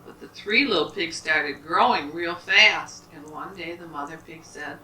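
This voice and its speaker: Animated storytelling woman, lowish bright voice, echoey home room from a distance. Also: measured pace, hardly any pauses, a little hiss or hum. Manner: animated, asks the child questions. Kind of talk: telling a bedtime story to a child. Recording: roomy, from a distance.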